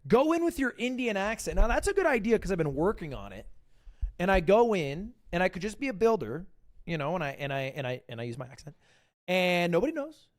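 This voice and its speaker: Male stream host, joking and rambling, higher voice, swings up and down a lot. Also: big pitch swings. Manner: rambling, joking, quick asides. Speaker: livestream host. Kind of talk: casual reaction-stream chat.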